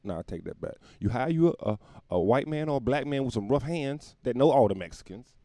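A man rambles through a profane comedic monologue in a lively, swooping voice, laughing at his own jokes as he goes. His pitch sits in the middle for a man. The recording is close and dry. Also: a little fast, dry recording.

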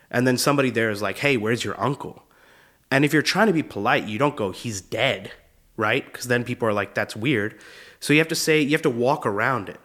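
Male comic, 20s, mid-pitched voice, loose rambling monologue, laughs easily. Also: a bit bright. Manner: rambling, laughs at own stories, acts out quotes. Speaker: comedian host. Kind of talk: casual comedic monologue.

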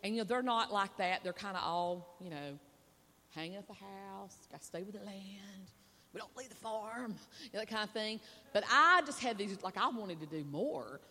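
A woman's voice: medium pitch, normal speed, sharp tone, a little hiss or hum. A woman, a preacher's wife, delivering a sermon in a chatty, conversational way with asides to the audience. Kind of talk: sermon with personal storytelling. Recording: long reverb of a large hall.

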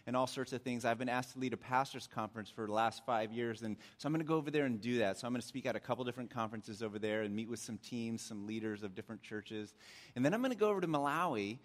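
Middle-aged male pastor, casual storytelling sermon voice, mid pitch, lively when venting. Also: fast talker. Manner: conversational storytelling, animated when recounting frustration.

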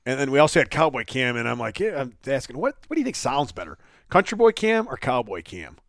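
A man's voice: medium pitch, sing-song, fast, no echo, clean studio sound. A man hosting a podcast in casual chat, rambling and joking, swearing now and then. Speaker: podcast host.

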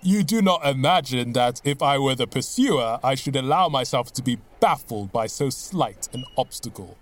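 A man reading an audiobook, voicing a brisk, cool-headed middle-aged detective with a dry, measured manner. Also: medium pitch, lively intonation, close to an everyday voice. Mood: assured.

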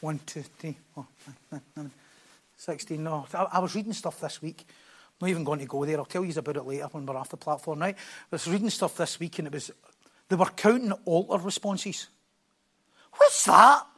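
A man preaching a sermon from a church platform, passionate, swinging between quiet asides and loud, emphatic bursts. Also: on the high side, sing-song, a little fast, breathy edge.

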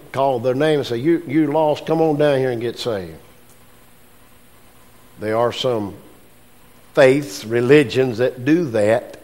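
A man preaching a sermon. His voice sits a little high and he talks very slowly. He leans hard on repeated phrases as he makes each point. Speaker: pastor.

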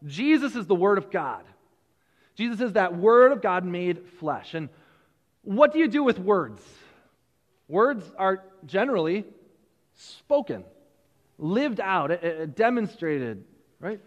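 A man preaching a sermon as pastor, animated, repeating words and chuckling between points. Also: high-pitched, slow, long pauses, in a large hall.

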